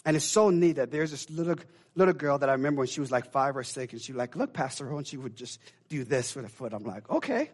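A middle-aged male pastor preaching a sermon, swinging from loud emphatic declarations to hushed low asides with call-and-response phrases. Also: fast, hardly any pauses.

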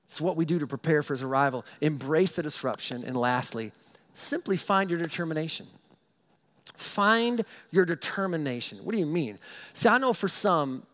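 A middle-aged man, a pastor, telling a funny personal story in a sermon, animated and self-mocking, often repeating his words. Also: on the high side, normal speed.

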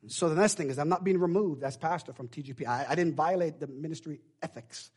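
A man preaching a sermon as pastor, emotional and confiding, swinging from quiet asides to loud preaching. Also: a little high, quick pace, husky. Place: church.

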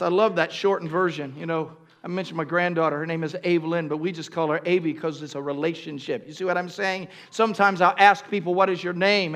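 An older male pastor delivers his sermon in a strikingly high voice. His tone is bright and forceful as he calls for responses. He swings from ringing shouts to hushed, breathy passages. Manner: call-and-response preaching, swings between shouts and hushed tones.

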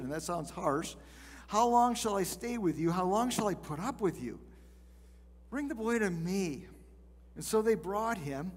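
A man's voice: high-pitched, expressive, normal speed, long reverb tail. A male pastor teaching a sermon in a conversational way, reading scripture and acting out the people in it.

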